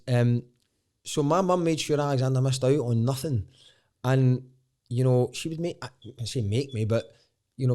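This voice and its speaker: A Glaswegian man talks at an ordinary, mid-range pitch, spilling stories as a podcast guest. He rambles, restarts his sentences and swears freely. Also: warm tone. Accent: Scottish, Glaswegian. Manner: rambling, self-interrupting, swears casually. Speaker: guest, stand-up comedian. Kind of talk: candid podcast storytelling.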